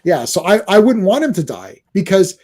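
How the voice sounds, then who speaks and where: A man's voice: sits high, sing-song, moderate pace, warm tone. A man co-hosting a casual movie discussion, agreeable and reflective. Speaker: podcast co-host.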